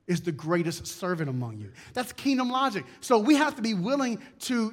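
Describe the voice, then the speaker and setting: A male pastor preaching a conversational sermon, repeating key words and acting out little asides. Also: very high voice.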